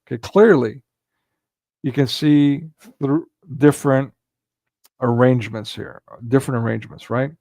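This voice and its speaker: A man's voice: medium pitch, unhurried, dark tone, dry recording. A man hosting a casual livestream commentary, talking in a rambling way with frequent restarts and filler words. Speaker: livestream host.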